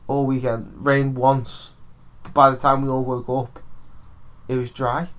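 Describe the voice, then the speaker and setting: Brief: young Welsh-born male co-host, mid-pitch, rambling and sweary. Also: little pitch movement, unhurried, a bit bright. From Wales. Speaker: podcast co-host. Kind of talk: casual chat, storytelling.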